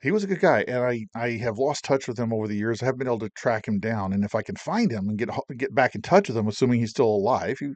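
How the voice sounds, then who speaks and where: Animated middle-aged man telling war stories. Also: mid-range voice, fast, hardly any pauses, no room sound. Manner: animated, emotional retelling with swearing and restarts. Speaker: Navy veteran telling his own stories. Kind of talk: casual personal storytelling.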